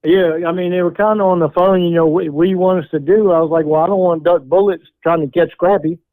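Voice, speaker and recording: A man's voice: high-pitched, steady tone, fast, dry recording, narrow, tinny audio. A man calling in to a podcast, speaking in a plainspoken, laid-back way. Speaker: caller. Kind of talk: casual call-in chat.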